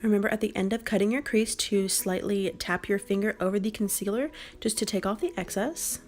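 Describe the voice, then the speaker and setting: A young woman narrates her makeup tutorial in an unhurried, instructional way. Her voice sits in a middle register, and faint music plays behind her. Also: mid-range voice. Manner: calm, step-by-step instructional. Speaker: beauty vlogger.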